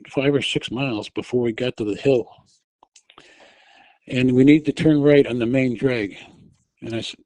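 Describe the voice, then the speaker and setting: A man with a mid-range voice, an interview guest, tells his gripping personal testimony. He restarts often and gets louder when he retells his own shouts. The audio-only recording is rough, with no room sound.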